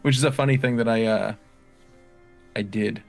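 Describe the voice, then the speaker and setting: A man's voice: lowish voice, fairly even intonation, normal speed, vocal fry, faint music behind. A man and father playing a tabletop game, chatting in a rambling, laughing way with side tangents. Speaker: player. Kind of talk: casual game chat.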